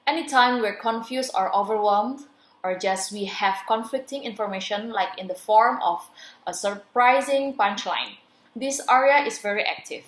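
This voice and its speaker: A woman's voice: mid-range voice, close to an everyday voice. A friendly male scientist guest, as a young woman reads him. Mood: explaining. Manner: explaining in plain, measured phrases. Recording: roomy echo.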